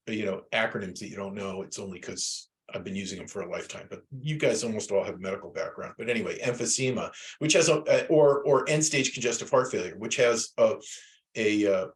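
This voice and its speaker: A man's voice: on the low side, a little fast. An older man teaching a class, talking loosely with many fillers and restarts. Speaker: instructor. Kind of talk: class lecture.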